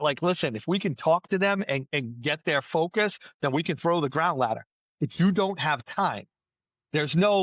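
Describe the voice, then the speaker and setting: A middle-aged man, a battalion chief, telling firefighting stories in a casual podcast chat, plainspoken and lively. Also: on the high side, no room sound, dull audio. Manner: storytelling, animated, plainspoken with mild swearing.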